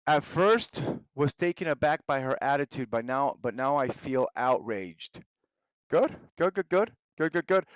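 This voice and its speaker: Slow-talking patient male English teacher. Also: medium pitch, animated, clean tone, no echo, dull audio. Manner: patient, explains slowly, switches between English and Spanish. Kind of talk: live online vocabulary class.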